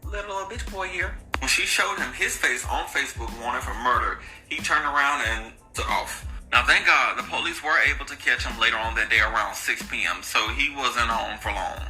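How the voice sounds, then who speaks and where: A man's voice: medium pitch, moderate pace, few pauses, bright, forceful tone, soft background music, poor audio. A man casually recounting a true crime story to his viewers, slangy and sarcastic in his asides.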